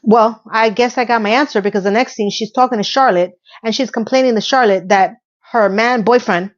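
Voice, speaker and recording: A woman's voice: a little high, fairly quick, highs cut off. Chatty, sassy woman recapping a show. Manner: chatty and sassy, with playful asides and self-corrections. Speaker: video host. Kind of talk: casual episode recap commentary.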